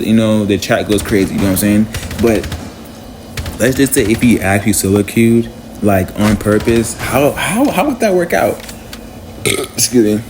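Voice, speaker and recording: Young male gamer, lowish voice, rambling casual monologue with faint background hum. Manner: rambling, halting, frequent restarts and fillers; casual slang and swearing. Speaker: gaming content creator.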